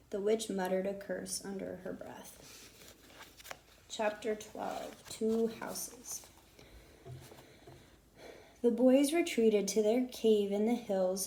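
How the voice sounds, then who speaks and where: A woman narrating a children's story aloud with a steady, expressive reading. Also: medium pitch, gravelly. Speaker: audiobook narrator. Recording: roomy echo.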